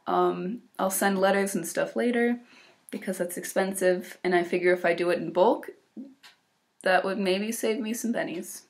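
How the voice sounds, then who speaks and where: A woman's voice: mid-range voice, steady tone, moderate pace. A teenage girl from Illinois with an American accent, talking casually and upbeat in a video diary about her exchange year. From Illinois, USA. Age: teens. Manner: chatty, upbeat, with fillers and small laughs. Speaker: exchange student vlogger.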